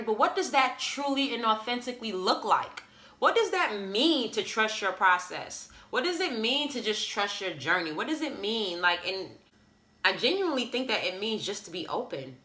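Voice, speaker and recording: A woman's voice: medium pitch, sharp tone, roomy sound. A woman hosting a motivational podcast, speaking earnestly and encouragingly, often repeating phrases for emphasis. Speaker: podcast host.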